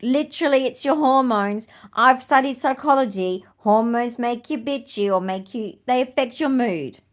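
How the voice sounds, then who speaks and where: A middle-aged Australian woman with a fairly high-pitched voice hosts a podcast in casual chat. She is blunt, swears freely, and laughs often.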